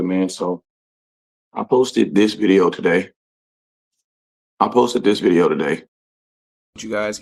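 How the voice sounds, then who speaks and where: A man hosting a casual livestream, reading out commenters' names and greeting them in relaxed, slangy talk. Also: deep voice, creaky. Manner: shouting out commenters, laid-back slangy talk. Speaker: livestream host. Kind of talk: casual live-stream chat.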